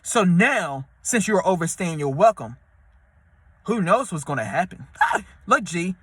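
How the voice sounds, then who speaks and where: A man giving relationship advice in a casual, slangy monologue, repeating himself and now and then putting on high voices for people he quotes. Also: big pitch swings, unhurried, fairly bright tone, slightly rough, no room sound. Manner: slangy, repetitive, street-talk delivery. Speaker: advice vlogger.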